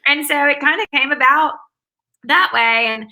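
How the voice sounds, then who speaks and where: A woman's voice: sits high, moderate pace, background noise. A woman with a Southern US accent, a guest answering interview questions in an upbeat, enthusiastic way with long run-on answers. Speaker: guest, former academic advisor. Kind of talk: conversational interview.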